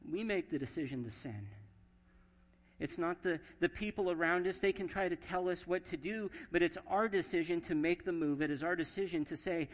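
A man's voice: a little high, normal speed. A man preaching a sermon as pastor, his voice sitting a little above the usual male range. He reads scripture aloud and gives the quoted lines their own emphasis. The sound carries the long reverb of a church sanctuary.

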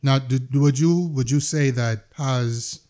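A man hosts a casual interview. He speaks quietly, mostly giving short affirmations and asking brief questions. His voice sits in an ordinary middle range. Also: mid-range voice, slow pace. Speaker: podcast host.

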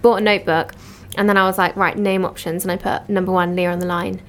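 A woman's voice: fairly low pitch, flat delivery, quick pace, a bit bright. A young woman in her twenties, a podcast guest chatting casually and laughing easily, her accent drifting as she talks. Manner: chatty, giggly, shifting accents. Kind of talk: casual chat.

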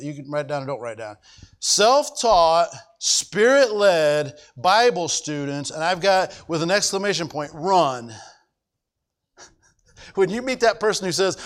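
A middle-aged male pastor preaching a sermon emphatically, repeating his points and checking that the congregation follows. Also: high voice. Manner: emphatic, repetitive, asks the congregation if they follow.

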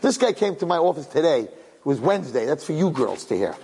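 A man's voice: on the high side, very animated, a little fast, a little mellow, slight background noise. A man telling an inspirational story to an audience, emotional and repeating words for emphasis. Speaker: religious speaker. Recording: long hall reverb.

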